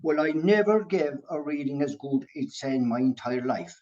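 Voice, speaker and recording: A man from Ireland, a medium, telling an anecdote in a chatty, lively way and laughing often. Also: fairly high pitch, moderate pace, lo-fi sound. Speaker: medium sharing a story.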